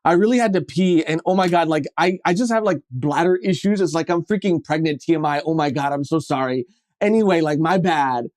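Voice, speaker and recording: A man's voice: on the high side, a little fast, a little mellow, no echo, clean studio sound, voice pushed down, close to an everyday voice. A man imitating a spacey young woman server who rambles apologies in an airy stoner drawl. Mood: flustered apologetic.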